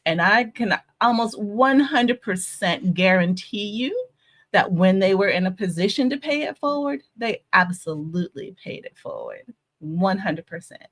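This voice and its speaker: A woman's voice: mid-range voice, lively intonation, measured pace. A woman hosting a podcast, affirming her guest and laughing often in casual chat. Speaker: podcast host.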